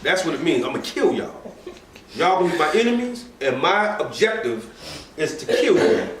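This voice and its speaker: Animated man preaching in an echoey hall. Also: fairly high pitch, slight background noise. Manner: animated, conversational preaching with asides and laughter. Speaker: religious teacher. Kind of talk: informal sermon class. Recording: echoey room from far off mic.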